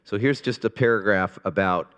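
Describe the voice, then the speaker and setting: A man preaching a sermon as a pastor, earnest and pleading, moving between hushed and emphatic delivery. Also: fairly low pitch, normal speed, clean tone, in a large hall.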